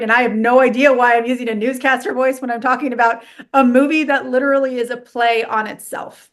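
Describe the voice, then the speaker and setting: A woman's voice: fairly high pitch, flat delivery, fast. A woman hosting a movie review podcast in a casual, rambling chat with lots of fillers and self-corrections. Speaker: podcast host.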